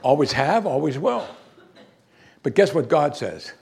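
A man preaching a sermon, emphatic and animated, asking the congregation rhetorical questions. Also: fairly high pitch, measured pace, gravelly, slightly rough. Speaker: pastor.

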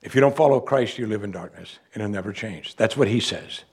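A man's voice: lowish voice, brisk, darkish tone, husky. A man preaching a sermon, reading scripture aloud and explaining it with emphatic delivery. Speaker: pastor.

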